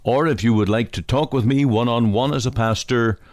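A man's voice: mid-range voice, moderate pace, a little mellow, dry recording, clean studio sound. A male pastor preaching on radio with dramatic rhetorical questions, then signing off the program. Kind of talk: radio sermon and program sign-off.

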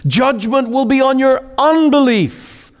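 A man preaching a sermon emphatically, with loud rising appeals that drop to low, drawn-out endings. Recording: long reverb of a large hall.

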